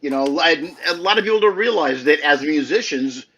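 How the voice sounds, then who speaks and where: A man's voice: on the high side, animated, normal speed, pushed and bright, husky. A man representing a guitar company, chatting easily and agreeably during a product demo over dull, lo-fi remote audio. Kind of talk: casual product demo chat.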